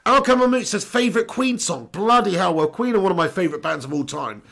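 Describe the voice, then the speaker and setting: A man's voice: high-pitched, fast talker, creaky, a bit bright. A young English man hosting a casual live stream, reading chat comments aloud, joking, laughing and swearing casually.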